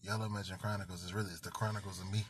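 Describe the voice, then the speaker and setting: A man's voice: low-pitched, level tone, rapid-fire, crowd noise. A man hosting a casual podcast from a parked car, telling stories in a laid-back, slangy way. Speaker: podcast host. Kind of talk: casual chat.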